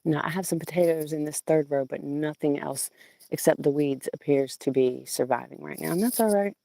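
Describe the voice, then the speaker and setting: Southern woman, gardening vlogger, low voice, chatty and lively, dry outdoor sound on an old phone. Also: fairly quick, vocal fry, no echo. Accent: Southern American. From southeastern Virginia. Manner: chatty and animated, cooing at plants and greeting viewers. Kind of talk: casual live-stream chat.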